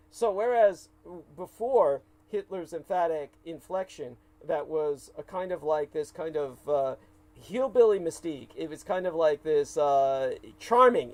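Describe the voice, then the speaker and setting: Guy rambling on a livestream, kinda high voice, lots of uhs and false starts. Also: darkish tone, poor audio. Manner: hesitant, heavy with fillers and restarts. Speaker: livestream co-host.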